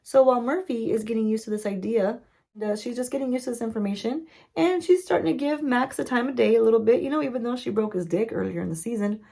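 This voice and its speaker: Chatty woman with a gravelly voice. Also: on the high side, fast talker, dark tone. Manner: chatty, playful, asides to viewers. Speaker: beauty vlogger. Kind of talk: story-time recap while doing makeup.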